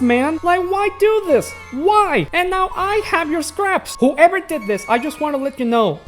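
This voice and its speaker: A man casually reviewing toys from his collection, rambling with many fillers and bursting into profane rants. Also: sits high. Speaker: toy collector vlogger.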